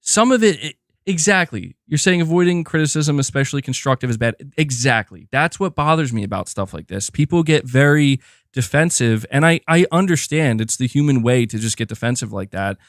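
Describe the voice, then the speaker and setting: A man hosting a casual gaming livestream, ranting in a loose, animated way with lots of filler words and free swearing. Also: mid-range voice, fairly quick, no echo, clean studio sound. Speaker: gaming podcast host.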